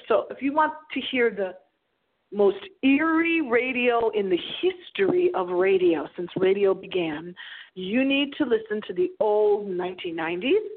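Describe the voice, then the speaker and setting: A woman in her forties hosting a paranormal radio show, speaking into a small microphone with a dramatic storytelling delivery. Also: on the high side. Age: 40s. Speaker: radio host. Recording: tinny phone-like audio.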